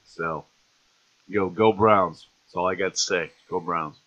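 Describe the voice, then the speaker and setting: A man's voice: low voice, fairly even intonation, unhurried, a bit bright, dull audio. A man hosting a live sports talk stream, ranting and mocking in an exasperated way. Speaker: sports show host.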